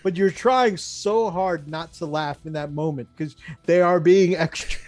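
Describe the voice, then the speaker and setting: A man's voice: fairly high pitch, a little slow, no echo, soft background music. Laughing storyteller man, light-voiced. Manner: animated storyteller, laughs often, mimics friends. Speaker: co-host. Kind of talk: casual chat about tabletop gaming.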